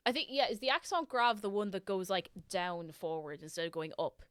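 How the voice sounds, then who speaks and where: A woman's voice: medium pitch, expressive, fairly quick, a bit bright, clean tone, dry recording, studio quality. A woman with an Irish accent, chatting to her viewers in a casual, scatterbrained way while she plays a game. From Ireland. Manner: chatty, scatterbrained, talks to chat. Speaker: streamer. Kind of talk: casual gaming stream chat.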